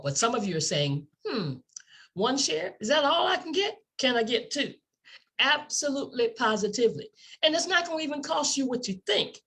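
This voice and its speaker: Animated woman giving an excited sales pitch. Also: breathy edge. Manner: enthusiastic, rhetorical questions, emphatic repetition. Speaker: company presenter.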